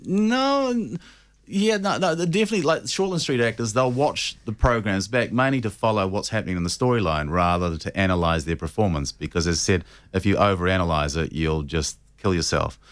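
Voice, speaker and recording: A man, a voice coach giving measured, reflective answers in a radio interview. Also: low voice, dry recording. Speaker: voice and presentation coach.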